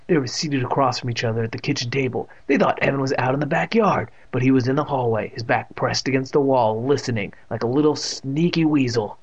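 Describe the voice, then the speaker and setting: A man narrating a story in a steady, plain reading voice, adding jokes of his own. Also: medium pitch, a little fast, hardly any pauses, husky, dull audio. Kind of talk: audiobook reading with ad-libbed jokes.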